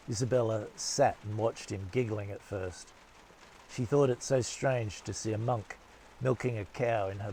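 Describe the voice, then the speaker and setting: Gravelly-voiced man reading a novel. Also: fairly low pitch, a little mellow, slight background noise. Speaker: audiobook narrator. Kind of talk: audiobook narration.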